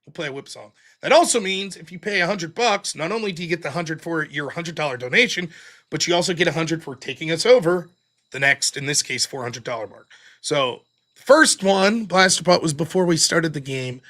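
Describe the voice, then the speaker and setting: Profane, animated man hosting a livestream. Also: fairly high pitch, a little fast. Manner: blunt, profane, animated ranting; reads out viewer donations. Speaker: livestream host. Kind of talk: casual livestream chat.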